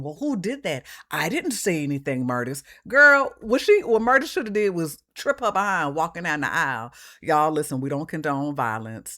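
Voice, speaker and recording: Brief: low-pitched woman host, lively and emphatic reaction commentary aimed at viewers. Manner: emphatic, talks straight to viewers. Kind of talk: commentary on a clip.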